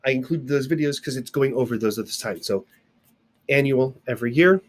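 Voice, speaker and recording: A man's voice: mid-range voice, a little fast. A man giving a casual recorded video lesson, explaining things step by step with playful sound effects and asides, recorded alone indoors on camera. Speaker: sign language teacher.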